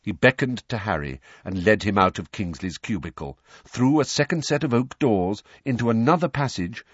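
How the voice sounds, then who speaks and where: A man reads a storybook aloud in a low, husky voice. His delivery is expressive and his pitch moves a lot. The recording sounds dull and very dry. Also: normal speed, dry recording. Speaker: audiobook narrator. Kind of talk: audiobook narration.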